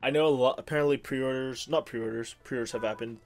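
A man's voice: medium pitch, steady tone, fast talker, faint music behind. A young man from the Pittsburgh area co-hosting a podcast, rambling casually with lots of ums and restarts. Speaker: podcast co-host. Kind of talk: casual chat.

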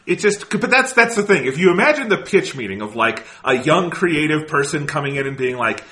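A man's voice: on the high side, sing-song, a little fast, hardly any pauses, bright, forceful tone. A man hosting a casual podcast, sardonic and dismissive, swearing now and then. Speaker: podcast host.

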